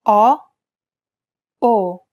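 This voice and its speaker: A woman's voice: medium pitch, very slow, a little mellow. A woman demonstrating pronunciation, carefully enunciating single sounds. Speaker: pronunciation model speaker.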